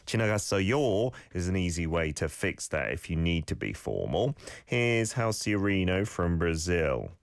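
A man hosting a radio show who coaches listeners' pronunciation, patiently repeating sounds slowly and explaining small corrections. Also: deep voice, dry recording, clean studio sound. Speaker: radio host teaching Korean. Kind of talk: casual radio talk with language tips.

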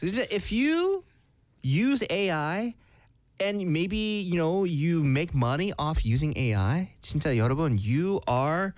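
A man co-hosting a radio show in playful, bilingual banter, his voice high and bouncing all over as he rattles along at speed. The studio sound is dry and close, with faint music running under him. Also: moderate pace, dry recording. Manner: playful, animated, mixes in Korean. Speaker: radio co-host.

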